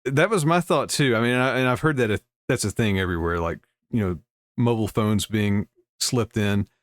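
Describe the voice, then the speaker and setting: A man's voice: lowish voice, normal speed, no room sound. Wry, chuckling man. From United States. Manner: chuckles often, wry asides. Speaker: commentary video host. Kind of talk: casual reaction commentary, reading news aloud.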